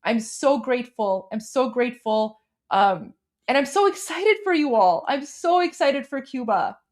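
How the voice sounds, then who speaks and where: A woman hosting a casual livestream with a high, light voice. She gushes and repeats herself excitedly. She keeps calling her viewers "guys". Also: unhurried. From Iran. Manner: gushing and excitable, many repeated phrases. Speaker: livestream host.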